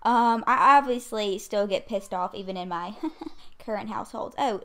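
A woman's voice: medium pitch, normal speed, pushed and bright. A woman giving casual gameplay commentary into a desk mic, chatty and easily annoyed, swearing now and then. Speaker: gaming video creator. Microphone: USB condenser desk mic.

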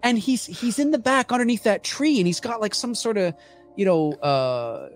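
A man's voice: high-pitched, animated, moderate pace, faint music behind. A man, a podcast guest, chatting casually and laughing as he mimics lines from movies.

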